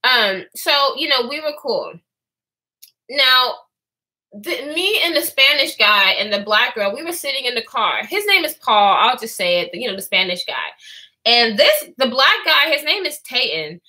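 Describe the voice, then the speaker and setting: In an unhurried vlog, a lively young Houston, Texas woman spills a story. She imitates the people she describes, so her high, very bright voice ranges widely in pitch.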